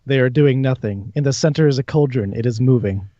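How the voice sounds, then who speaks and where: Casual game master narrating, dry, dull lo-fi stream. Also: male voice, mid-range voice, a little fast, warm tone, no room sound. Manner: laughs often, casual.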